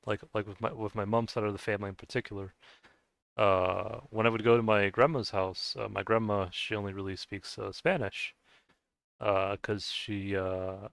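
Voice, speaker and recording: Gravelly low-voiced man with Scottish-sounding accent. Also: fairly bright tone, no room sound. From United States. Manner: rambling, hesitant, laughs often. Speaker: game streamer. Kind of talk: casual chat while gaming.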